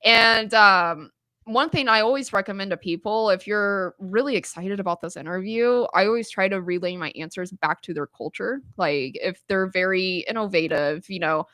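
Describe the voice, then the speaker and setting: A woman as a podcast guest, telling stories in an animated, casual way with lots of "like" and laughter. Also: mid-range voice, moderate pace, dry recording. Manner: animated storytelling, frequent "like" and laughter. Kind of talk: casual chat.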